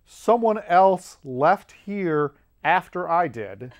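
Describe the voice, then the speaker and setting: The audio is dull, and the man's voice runs on the high side. He's an American podcast host rambling through a comic tale, chuckling repeatedly as he shares his anecdotes.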